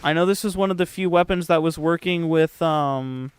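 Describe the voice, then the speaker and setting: A man's voice: on the high side, moderate pace, clean tone. A young man streaming a game, chatting casually with his chat in a sarcastic, profane, rambling way.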